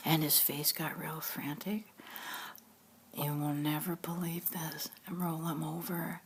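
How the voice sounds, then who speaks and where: A middle-aged woman telling a family story in a soft, half-whispered voice that keeps breaking into laughter. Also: low voice, fairly even intonation, moderate pace, slight background noise.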